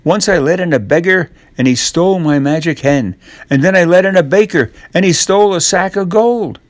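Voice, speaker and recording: A man reading a storybook aloud, voicing a fussy, flustered giant's wife in a quick, raised voice. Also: high voice, no room sound, pitched above the performer's own voice, natural voice. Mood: fretful.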